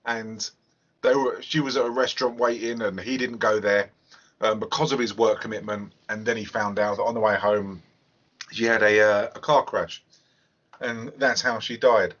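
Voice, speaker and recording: A man's voice: lowish voice, normal speed. Podcast host guy rambling about a movie, swears a bit, muffled audio. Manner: rambling, animated, swears freely. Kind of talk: casual film review chat.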